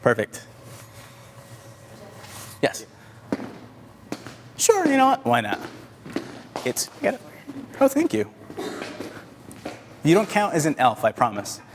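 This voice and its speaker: A photography instructor with a fairly high voice speaks slowly, his pitch swooping wildly and broken by long pauses. He chats with the workshop audience and directs assistants while shooting live, in a hall with reverb and faint noise.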